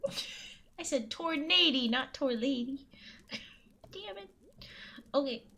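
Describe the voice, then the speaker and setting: A woman's voice: high-pitched, expressive, takes it slowly. A woman streaming live, chatting casually with her viewers, nervous and pleading, laughing often and repeating herself. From US Midwest. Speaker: streamer reading folktales.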